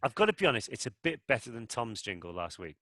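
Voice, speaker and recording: Man, podcast co-host, casual jokey banter, bright, dry sound. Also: mid-range voice, big pitch swings, fast talker, no echo. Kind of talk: casual chat.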